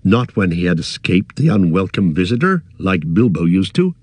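A man's voice: low-pitched, big pitch swings, normal speed, a little mellow, breathy edge, no room sound, heavily acted. A man voicing a sensible young hobbit. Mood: reasoning. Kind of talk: audiobook character voice.

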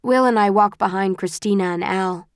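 Audiobook narrator, woman, level and unhurried, very dry recording. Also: mid-range voice, clear, resonant tone, dry recording. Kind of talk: scripted first-person narration.

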